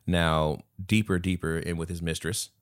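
A man's voice: low-pitched, steady tone, moderate pace, clean tone, no echo, clean studio sound. A man co-hosting a podcast, chatting casually about a film, swearing freely and acting out quotes. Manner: laid-back, swears freely, acts out quotes. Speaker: podcast co-host. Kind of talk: casual movie review chat.

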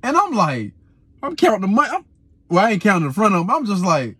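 Young male videographer, slangy animated storyteller, higher voice, dry sound. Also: fast talker, slightly rough, dry recording. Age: 20s. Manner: animated, slangy, repeats himself. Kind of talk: casual storytelling.

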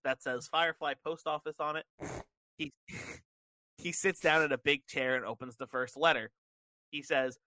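A man's voice: on the high side, normal speed, pushed and bright, no room sound, poor audio. A man co-hosting a casual podcast, recapping events step by step. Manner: narrates events step by step with fillers. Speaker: podcast co-host. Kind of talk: casual chat, recapping a wrestling show.

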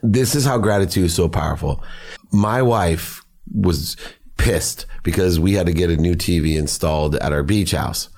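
A man's voice: low-pitched, normal speed, a little mellow. A middle-aged man, a podcast guest, telling personal stories in an earnest, emotional way. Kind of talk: personal storytelling.

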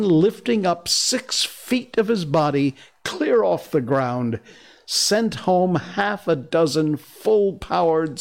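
A man narrating a classic jungle story with dramatic, hushed emphasis in tense moments. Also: medium pitch, vocal fry.

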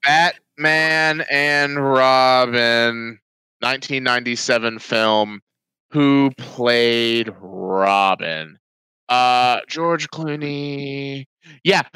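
Slow-talking podcast dude, lively bright voice, jokey and sweary, real dry sound. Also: male voice, medium pitch, clear, resonant tone, no echo. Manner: joking, profane, theatrical asides. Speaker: podcast co-host. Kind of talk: casual chat.

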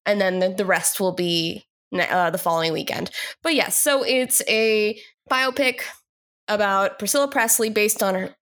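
A woman's voice: medium pitch, normal speed, a bit bright. A young woman co-hosting a podcast in casual chat, laughing often and talking with fillers. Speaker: podcast co-host.

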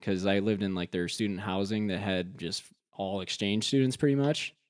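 A man's voice: fairly low pitch, normal speed, no room sound, clean studio sound. A young man from the Midwest with an Ohio accent, chatting casually and rambling with many fillers. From American Midwest. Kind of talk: casual chat.

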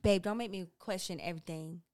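Woman, podcast co-host, smooth clear voice, mid pitch, gossipy, teasing, dry close sound. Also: fairly quick, no echo. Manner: expressive, gossipy, swears, teasing. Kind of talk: casual chat.

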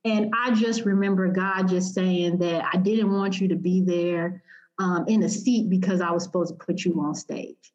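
As a guest in an interview, a young woman recounts a personal story with real emotion and plenty of animation, quoting both herself and other people. Her voice is medium in pitch at a moderate pace, and the recording has its highs cut off.

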